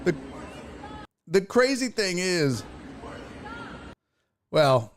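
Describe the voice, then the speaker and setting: A young adult man hosting a live stream, telling stories in an animated, profane way and acting out the people in them. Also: high-pitched, extremely slow, pauses often, slight background noise. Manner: animated storytelling with profanity and acted-out voices. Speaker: streaming show host. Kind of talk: casual live-stream chat.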